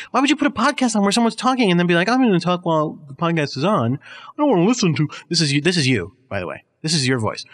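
A man's voice: high voice, fairly bright tone. A man hosting a comedy podcast, chatting in a rambling, self-deprecating way and mock-scolding his listeners. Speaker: podcast host.

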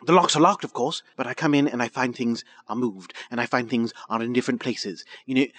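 A man's voice: mid-range voice, a little fast, a bit bright. A man in improvised comedy chat, talking in a hesitant, stammering, aggrieved way.

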